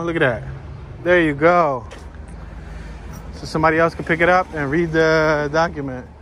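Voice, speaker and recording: A walking tour vlogger from North Philadelphia strolls outdoors and chats loosely and jokingly to his camera, drifting between topics. His voice is a little high for a man and a bit bright, with faint city sounds humming behind him.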